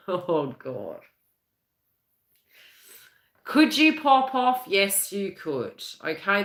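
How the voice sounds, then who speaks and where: Woman psychic host, lively and bright, laughs a lot, rambles with restarts; roomy echo. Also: lowish voice. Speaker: psychic reader hosting a live stream. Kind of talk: live-stream tarot and astrology reading. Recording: echoey room.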